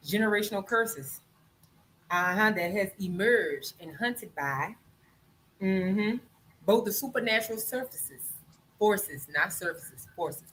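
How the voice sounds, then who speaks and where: A woman's voice: mid-range voice, fairly bright tone, slight background noise, low-quality recording. A woman from Louisiana, hosting a live stream and chatting loosely to viewers about a book she likes, swearing freely. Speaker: podcast host. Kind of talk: casual live-stream chat, book recommendation.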